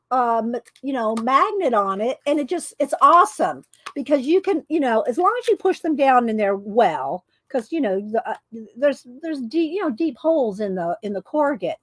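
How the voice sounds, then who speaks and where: A woman hosting an art livestream, chatting casually and rambling as she thanks viewers by name. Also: high voice. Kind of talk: casual chat.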